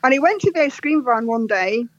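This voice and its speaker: A woman's voice: fairly high pitch, expressive, brisk, no room sound, dull audio. A Scottish woman from Scotland, a teacher, chatting as a guest over a video call and laughing at her own stories. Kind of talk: casual chat.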